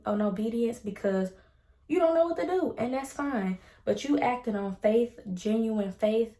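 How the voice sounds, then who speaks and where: Upbeat woman vlogger, mellow voice, casual chatty hair-tutorial talk in a roomy space. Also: mid-range voice. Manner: chatty and upbeat, uses Southern US slang. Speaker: beauty vlogger. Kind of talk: casual chat with devotional talk. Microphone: ring light setup at home.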